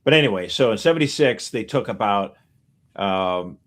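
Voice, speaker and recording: A man co-hosting a podcast, casually walking through news facts with animated asides. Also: on the low side, moderate pace. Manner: animated explainer, piling up figures and asides. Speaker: podcast co-host.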